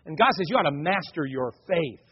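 A man's voice: fairly high pitch, brisk, breathy edge. A middle-aged man preaching a sermon, telling family stories and acting out the voices of his kids and wife. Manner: animated storyteller, acts out his family's voices. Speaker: pastor. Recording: dull lo-fi sound in a reverberant hall.

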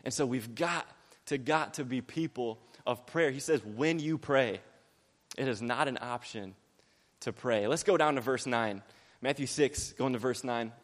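A young man preaching a sermon quickly and energetically, mixing in jokes and acted-out quotes. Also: mid-range voice, in a large hall.

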